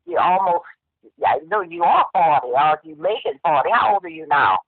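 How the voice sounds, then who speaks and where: A woman's voice: on the low side, big pitch swings, normal speed, dry recording. A woman with a Southern US accent, a mother on a phone call, lecturing her grown child bluntly and sternly. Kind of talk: phone conversation. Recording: tinny phone line.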